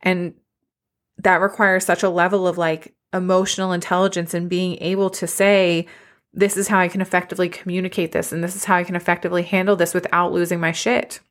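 Tearful woman, low flat voice. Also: brisk. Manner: emotional, candid and reflective. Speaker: podcast host and business coach. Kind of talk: personal solo podcast talk.

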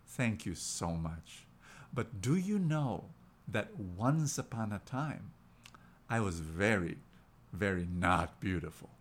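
A man voicing a gentle talking marble statue. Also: lowish voice, pitched below the performer's own voice, full character voice. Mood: calm, gentle.

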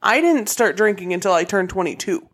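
Relaxed young woman rambling along. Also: medium pitch, brisk. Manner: relaxed, rambling, self-correcting. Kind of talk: casual chat.

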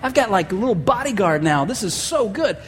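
A man's voice: sits high, very animated, fairly quick, big-room sound, slight background noise. A man preaching a sermon as pastor, telling a story and acting out the voices he quotes.

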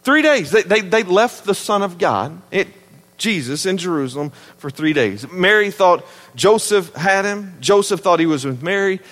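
Animated Southern preacher man in a hall. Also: high voice, moderate pace. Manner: animated, emphatic, conversational preaching. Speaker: pastor. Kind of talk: sermon.

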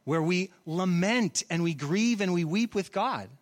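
A middle-aged pastor with a high voice, preaching to his church. He asks the congregation question after question in an earnest, searching way. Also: animated, a little slow. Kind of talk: sermon.

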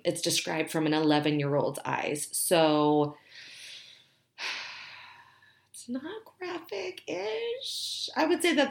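Bubbly woman book reviewer, roomy echo. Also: deep voice. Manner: chatty and bubbly, laughing easily. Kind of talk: casual chat to camera.

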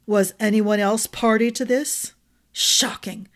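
Woman reading as a stern, pompous magistrate; slow, weighty, judgmental. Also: medium pitch, fairly even intonation, lightly acted.

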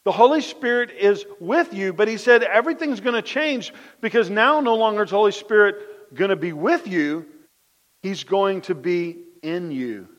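With a high voice at normal speed, a pastor delivers a conversational sermon on a lo-fi recording with a long reverb tail. He shares lively stories from daily life, repeats phrases, and goes soft when making his key points.

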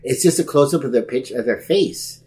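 Male podcast co-host, lively storyteller who plays out every quote in the conversation. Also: medium pitch, normal speed. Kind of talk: casual chat.

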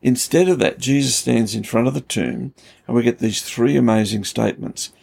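A man's voice: medium pitch, normal speed, creaky, darkish tone, slightly rough. A man, a pastor, explaining scripture in an earnest, emphatic conversational way. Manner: earnest, emphatic storytelling with rising intensity. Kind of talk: conversational Bible teaching.

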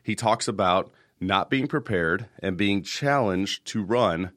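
A man's voice: on the low side, slow pace, a bit bright, dry recording, clean studio sound. A man in his thirties hosting a casual podcast, telling rambling stories and repeating words as he goes. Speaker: podcast host.

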